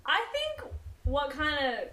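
A woman's voice: high-pitched, sing-song, takes it slowly, pushed and bright. A woman co-hosting a podcast in casual chat, hesitant and giggly, trailing off mid-sentence. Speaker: podcast co-host. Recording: roomy echo with crowd noise.

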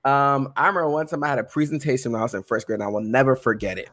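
A man's voice: medium pitch, rapid-fire, dry recording. A man co-hosting a podcast, from a Caribbean family, chatting casually and acting out quoted lines as he tells stories. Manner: animated storyteller, acts out quotes. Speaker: podcast co-host. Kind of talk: casual chat.

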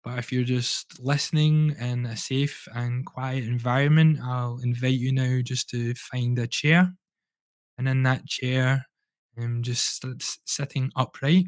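A man, a breathwork coach, guiding listeners through a breathing exercise with calm, slow, soothing instructions. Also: mid-range voice, no echo.

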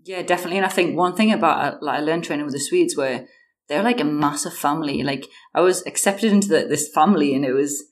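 A woman in her thirties from the United Kingdom, a guest chatting casually in an interview, with lots of fillers and animated storytelling. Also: low voice.

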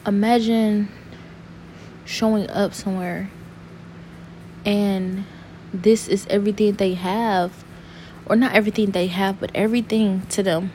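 A young woman talking to camera in an earnest, saddened personal monologue, halting and restarting as she searches for words. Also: medium pitch, fairly even intonation, warm tone, slight background noise. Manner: rambling, halting, full of restarts and fillers.

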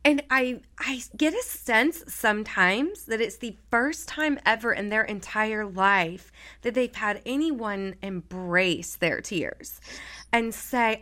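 A woman therapist in her thirties hosting a heartfelt conversation, speaking softly and affirmingly with emphatic moments. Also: a little high, animated, takes it slowly. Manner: soft, warm and affirming, emphatic at times. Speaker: therapist and podcast host.

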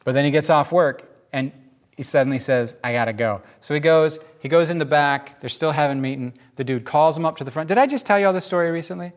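A man preaching a sermon as pastor, with casual asides and lively storytelling in which he acts out the people he quotes. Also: fairly high pitch, quick pace.

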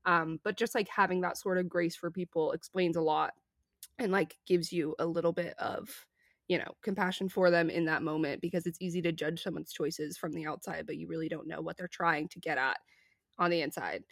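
A young woman co-hosting a podcast, earnest and reflective, animated when telling stories. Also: on the low side, a little fast, gravelly, dry recording, clean studio sound. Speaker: podcast co-host. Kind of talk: casual podcast chat.

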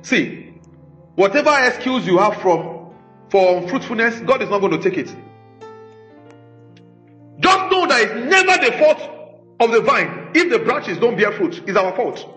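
A male pastor preaching with a very high, bright, forceful voice that swoops through a lively range. He drives his points home with rhetorical questions and scolding emphasis. The recording is echoey, with faint music underneath. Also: measured pace, long pauses. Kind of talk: sermon.

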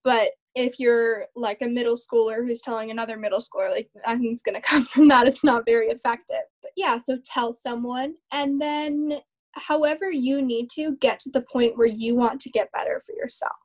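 A woman's voice: a little high, steady tone, moderate pace. A woman in her twenties talking openly and earnestly as a guest in a casual conversation. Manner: earnest, open, heavy use of fillers.

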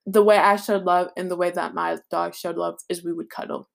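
Young female podcast co-host, casual and animated, leans hard into mock outrage. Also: fairly low pitch, vocal fry. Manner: animated, exaggerated disgust, drawn-out emphasis. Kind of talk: casual chat.

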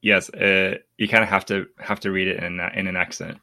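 A man's voice: sits low, flat delivery, a little fast, pushed and bright, dry recording. A man in his thirties hosting a casual book-club podcast, rambling with many restarts and laughing often. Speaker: podcast host.

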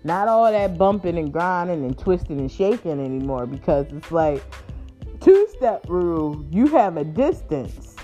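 A woman spins a funny personal story in a casual, laughing way. Her voice is mellow, and her pitch jumps around with lively swings. Soft music plays faintly in the background. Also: measured pace. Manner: playful, laughing, chatty, addresses listeners as y'all and honey.

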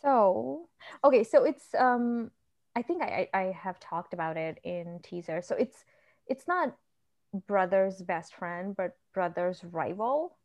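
Animated woman from India, laughing storyteller. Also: medium pitch, unhurried, dull audio. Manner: animated, laughs often, acts out her own thoughts. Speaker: author guest. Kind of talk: casual podcast chat.

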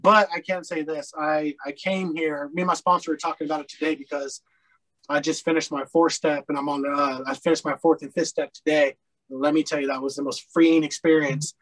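A man's voice: fairly high pitch, little pitch movement, fairly quick, a bit bright, poor audio. A man from Colorado, a podcast guest telling his story in a candid, rambling way, with lots of fillers and blunt swearing. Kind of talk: casual storytelling interview.

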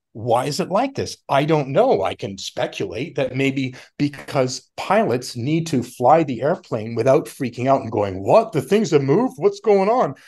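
A middle-aged man talking casually as a podcast guest, rambling and animated, often laughing and acting out other people's voices. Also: mid-range voice, slightly rough. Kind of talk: casual conversation.

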